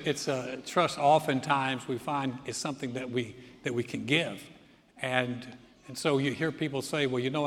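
A middle-aged male pastor preaching a sermon in a church sanctuary, telling funny stories and acting out other people's voices. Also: medium pitch. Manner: storytelling with jokes and acted-out voices. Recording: long hall reverb.

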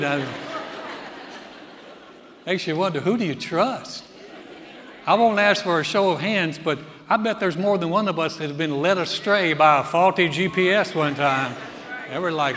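A man's voice: on the high side, lively intonation, moderate pace, fairly bright tone. A middle-aged male pastor preaching a sermon in a church sanctuary, telling funny stories and acting out other people's voices. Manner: storytelling with jokes and acted-out voices. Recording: long hall reverb.

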